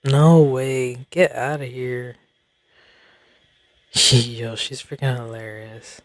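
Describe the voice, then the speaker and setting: A woman's voice: extremely low pitch, fairly even intonation, takes it slowly, no echo, clean studio sound. A young adult woman hosting a podcast, rambling in casual chat with slang and frequent laughs. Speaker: podcast host.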